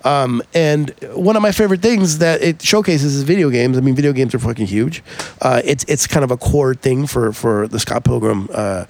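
A man's voice: mid-range voice, normal speed, a little mellow. A man co-hosting a podcast in casual chat, loose and profane, with lots of fillers and restarts. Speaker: podcast co-host.

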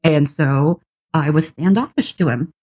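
On a dry recording, a low-pitched woman speaks at a measured pace as a podcast co-host. She shares a personal story in relaxed conversation, voicing both sides of every exchange, laughing a lot and cursing offhandedly.

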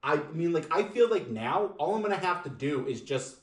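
A man's voice: a little high, moderate pace, echoey room. A man hosting a podcast, chatting casually, with joking asides and swearing. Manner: animated, swearing, jokey. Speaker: podcast host.

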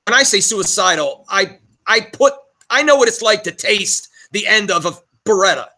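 A middle-aged man with a high, bright voice speaks as a podcast guest. He is blunt and swears freely, and his voice catches as he tells his story. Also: lively intonation, normal speed. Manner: blunt and profane, voice choking up. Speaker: guest, arcade owner. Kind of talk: emotional storytelling in a podcast interview.

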